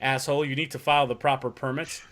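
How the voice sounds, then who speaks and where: Male podcast co-host, mid-pitched, loose and rambling, swears casually. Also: level tone, fast talker, a loud crowd. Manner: rambling, swears freely, acts out quotes. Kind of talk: casual chat.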